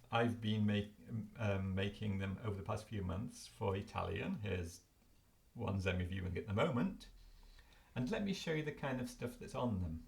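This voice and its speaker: Older guy, low gravelly voice, chatty, fixes himself mid-sentence. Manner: chatty, self-correcting, demonstrating cards. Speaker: language learning video host. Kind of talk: casual explanatory talk to camera. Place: home.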